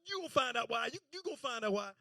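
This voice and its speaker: A man's voice: extremely high pitch, sing-song, rapid-fire, vocal fry, sharp tone, no room sound, clean studio sound, exaggerated voice. A man playing a stingy 77-year-old grandfather who stutters heavily and grumbles slyly. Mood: sly stammering. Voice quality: heavy stutter.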